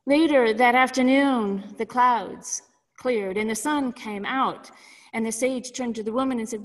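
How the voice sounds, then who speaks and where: A woman minister delivering a sermon with measured storytelling. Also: on the high side, big-room sound, low-quality recording.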